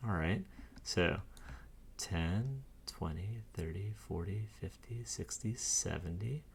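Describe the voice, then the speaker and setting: A man with a fairly low voice talks through graphs on his screen in a casual way. He argues against the claims he shows and scoffs at them, with short dismissive laughs. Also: lively intonation, slow, creaky, husky. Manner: scornful, argumentative, laughs dismissively. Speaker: commentator. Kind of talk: casual screen-share walkthrough.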